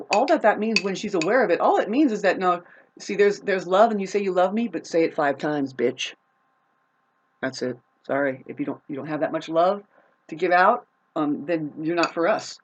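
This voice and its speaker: A woman ranting to camera in a profane, rambling, confrontational way, swinging between loud outbursts and low muttering. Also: highs cut off. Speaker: vlogger. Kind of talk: unscripted rant to camera.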